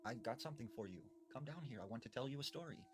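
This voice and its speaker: A man's voice: medium pitch, expressive, racing, noisy background, pitched above the performer's own voice, close to an everyday voice. A man voicing a creepy witch who poses as a sweet little old lady, calling out in a coaxing, luring way. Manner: coaxing, sing-song luring.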